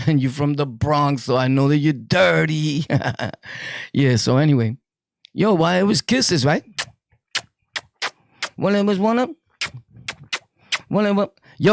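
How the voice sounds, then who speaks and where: A man with a New York accent telling his prison stories to viewers in a casual, jokey way, full of street slang and quick laughs. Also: on the high side, gravelly, no room sound, clean studio sound.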